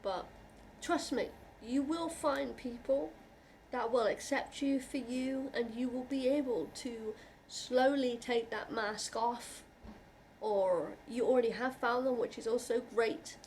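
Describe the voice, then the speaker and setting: A woman vlogger talking to camera in an earnest, reassuring way, halting and restarting often as she speaks from the heart. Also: fairly high pitch, a little mellow, slight background noise. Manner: heartfelt, openly emotional. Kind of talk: personal talk to camera.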